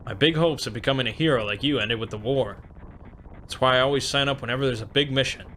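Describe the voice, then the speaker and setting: A man's voice: mid-range voice, fast talker, sharp tone, slight background noise, lightly acted. A man voicing an eager, cocky young soldier in a fan voicing of game dialogue, chatty and keen.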